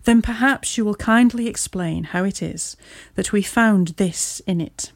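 Lady doing a gruff proud cop, stubborn and huffy, dry close mic. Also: medium pitch, unhurried, no room sound. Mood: indignant. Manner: gruff, indignant. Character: blunt, proud male police inspector, stubborn.

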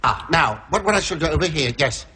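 A man telling a long joke story, hoarse from laryngitis, rambling and chuckling at his own lines. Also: a little high, expressive, fairly quick, pushed and bright. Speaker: comedian.

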